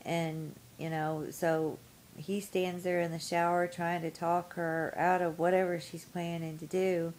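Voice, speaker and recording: A woman with a somewhat low voice recounts a story in a loose, rambling vlog manner, full of ums and you-knows. A faint hiss and low rumble sit under the recording. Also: level tone, unhurried, darkish tone, poor audio. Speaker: vlogger. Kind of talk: casual storytelling to camera.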